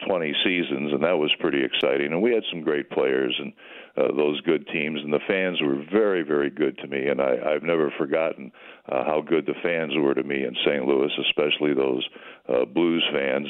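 An older man, a retired sports broadcaster, calling in by phone and reminiscing in a folksy, chatty way. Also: rumbling low. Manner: folksy, chatty, many fillers and restarts. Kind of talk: reminiscing interview answers. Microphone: telephone. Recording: tinny phone line.

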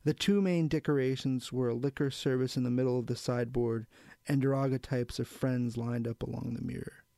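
A man reading a novel aloud in a measured, even storytelling manner. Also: medium pitch, gravelly, dry recording. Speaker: audiobook narrator. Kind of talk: scripted narration of a novel.

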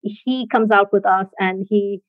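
A woman casually telling a personal story in a reflective, halting way, often laughing softly between thoughts. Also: medium pitch, steady tone, dry recording. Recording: dry, tinny phone-like sound.

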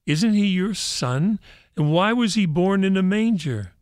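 A man's voice: sits high, animated, a little slow, dry recording, studio quality, voice pushed up. A man reading as a tiny persistent girl angel. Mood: pleading. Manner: small questioning voice.

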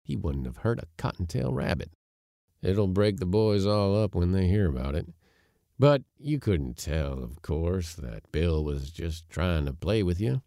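A man's voice: deep voice, big pitch swings, measured pace, vocal fry, warm tone, dry recording, clean studio sound, heavily acted. A man voicing a sly young cowboy who spins a folksy, earnest-sounding yarn in a storybook reading. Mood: mournful. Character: sly young cowboy, smooth-talking and quick.

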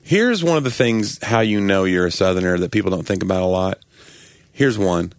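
A man with a lowish voice that rises and falls a lot, bantering on a podcast in a dry, close recording. He jokes constantly and slips into little character voices. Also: lively intonation, moderate pace, no echo. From Southern United States. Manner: jokey, acts out little voices in his stories. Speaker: podcast co-host, comedian. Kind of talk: casual chat.

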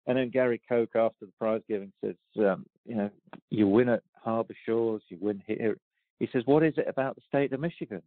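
With a lowish voice and a brisk pace, the golf champion in his sixties tells relaxed interview stories, hesitating with ums and restarts and laughing easily. The sound comes through a tinny, dry phone line.

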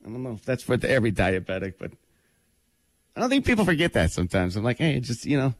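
A man's voice: medium pitch, sing-song, fast, no room sound. A man co-hosting a morning radio show, laughing often and stubbornly doubling down on his own jokes. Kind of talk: joking morning-radio banter. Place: radio studio. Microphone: studio mic.

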